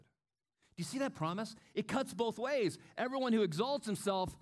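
A middle-aged man preaching a sermon as pastor, acting out quotes with big swings in loudness. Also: high-pitched, lively intonation, moderate pace.

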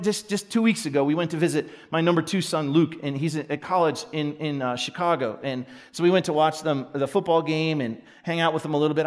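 Fervent, fairly high-voiced male preacher. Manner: swings from hushed, near-whispered storytelling to loud, excited shouting. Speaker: pastor. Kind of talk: sermon.

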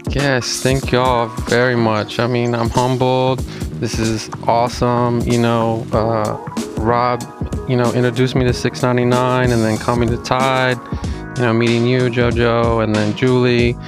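A man from Mississippi with a light Southern accent, a podcast guest talking in a soothing, relaxed way. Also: mid-range voice, measured pace, music in the background. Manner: soothing, relaxed, even delivery. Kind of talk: casual interview chat.

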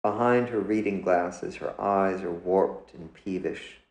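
A man, the author, reading his own literary story aloud in a measured, deliberate way. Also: low-pitched, roomy sound, poor audio. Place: indoors.

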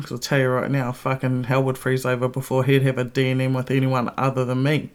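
A woman's voice: rumbling low, little pitch movement, fast, few pauses, darkish tone. A middle-aged woman hosting a podcast, ranting bluntly with heavy swearing and strong emphasis. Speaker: podcast host. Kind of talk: casual ranting monologue.

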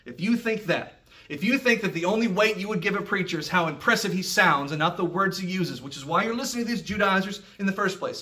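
Man, Bible class teacher, animated and emphatic, higher voice, somewhat distant from the mic. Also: quick pace. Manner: animated, emphatic, loud rises for effect.

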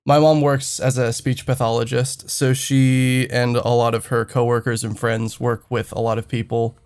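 A man's voice: medium pitch, little pitch movement, normal speed, darkish tone, clear, resonant tone. A young man on a podcast telling a story in casual chat, rambling and hesitant with many fillers. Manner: rambling, hesitant, laughs through his own story. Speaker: podcast co-host.

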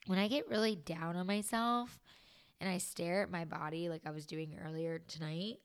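A young woman, a new mother, talking candidly and from the heart in a personal vlog, slow and halting in places. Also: fairly low pitch, steady tone, smooth. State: tearful.

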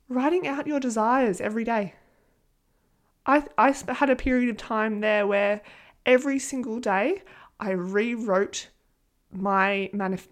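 An Australian woman hosting her own podcast, talking in a chatty, earnest way, animated and swearing freely. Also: medium pitch. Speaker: podcast host and manifestation coach. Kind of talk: casual solo podcast talk.

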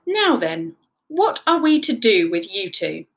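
A woman's voice: medium pitch, sing-song, unhurried. A woman voicing a stern but loving mother dinosaur in a children's story, speaking in a firm, motherly way.

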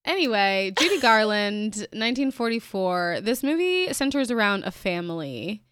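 A woman in her thirties co-hosting a podcast, animated and joking, swearing casually. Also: mid-range voice, moderate pace, smooth, dry recording, studio quality. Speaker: podcast co-host. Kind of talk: casual chat.

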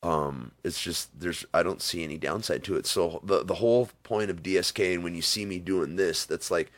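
A man's voice: deep voice, moderate pace, no echo. A man in a casual interview, telling rambling stories and acting out quotes along the way. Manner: rambling storytelling with acted-out quotes.

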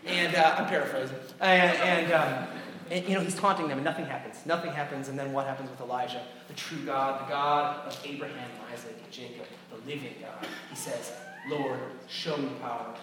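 A man's voice: medium pitch, brisk, background noise. Man preaching in a big echoey hall. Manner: animated storytelling, acts out quotes with sarcasm. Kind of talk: sermon. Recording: echoey hall, mic far off.

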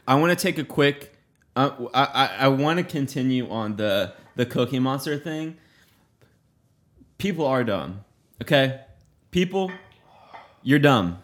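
A man's voice: medium pitch, animated, unhurried, pauses often. A man in casual podcast chat, laid-back and amused, giving blunt opinions. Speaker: podcast co-host.

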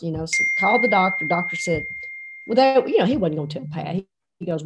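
A woman telling a lively personal story, acting out the voices of the people in it. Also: fairly low pitch, a little fast, slight background noise. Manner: animated, acts out quoted voices. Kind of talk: casual anecdote.

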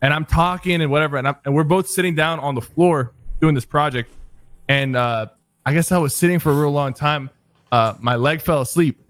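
A man's voice: a little high, fairly quick, a bit bright. Laid-back young man telling a story. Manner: laid-back, lots of "like" and "bro" fillers. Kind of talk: casual storytelling chat.

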